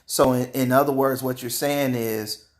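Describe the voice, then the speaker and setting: A man talking straight to his viewers in a casual opinion monologue, animated, laughing often and repeating words. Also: mid-range voice, normal speed. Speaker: vlogger.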